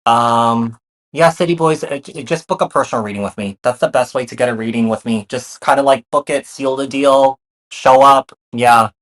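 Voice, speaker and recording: A man's voice: mid-range voice, normal speed, a bit bright. Chatty man giving a tarot reading. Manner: repeats phrases, many fillers, reassuring. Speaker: tarot reader. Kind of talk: casual tarot reading to viewers.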